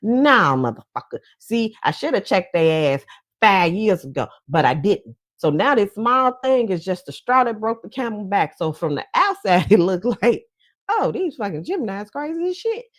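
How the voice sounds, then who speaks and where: A woman's voice: mid-range voice, very animated, normal speed, dry recording. A woman giving casual commentary in a blunt, profane, chatty way, often breaking into laughs. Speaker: commentary vlogger.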